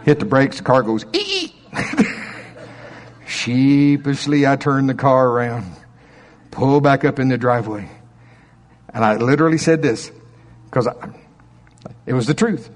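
A man's voice: mid-range voice, a little slow, long pauses, in a large hall. A middle-aged man preaching a sermon in a conversational storytelling way, with asides and rhetorical questions to the congregation. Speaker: pastor.

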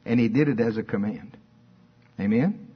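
Male preacher, fervent sermon, husky mid-pitched voice, muffled lo-fi sound. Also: moderate pace. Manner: fervent, reads scripture aloud.

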